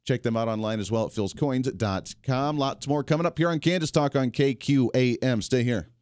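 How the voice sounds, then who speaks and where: A man's voice: medium pitch, darkish tone. A man hosting a local talk radio show, chatting with his guest and breezing through station breaks and promos. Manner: conversational, quick station breaks and promo reads.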